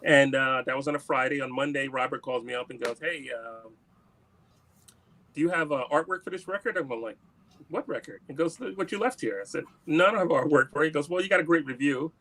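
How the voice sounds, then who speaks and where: A man speaking in a fairly high voice tells a long anecdote during an interview. He talks casually and acts out the dialogue of everyone involved in the story. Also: a little fast. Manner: animated anecdote-telling, acts out quoted dialogue. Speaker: musician guest.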